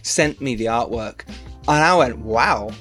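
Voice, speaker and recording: A man's voice: medium pitch, fairly bright tone, soft background music. A man hosting a film podcast, chatty and teasing, laughing often. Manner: jokey, teasing, quick laughs. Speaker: podcast host. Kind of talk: casual podcast chat.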